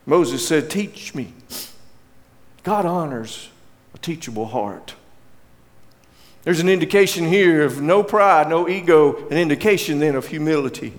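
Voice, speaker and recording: A man preaching a sermon as pastor, slowing down and dropping to a hush when he quotes emotional lines. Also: a little high, animated, long reverb tail.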